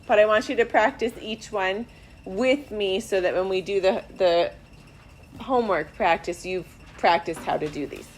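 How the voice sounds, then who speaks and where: A woman math teacher in a classroom, walking students through problems step by step in a slow, deliberate way. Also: medium pitch. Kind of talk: classroom instruction.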